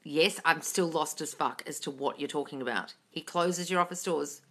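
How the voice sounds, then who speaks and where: Woman coach, slight British lilt, blunt and profane, low voice, bright edge. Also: normal speed. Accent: slight British intonation. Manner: blunt and sweary, reads chat questions aloud. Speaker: manifesting coach answering live chat questions. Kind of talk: casual live Q&A.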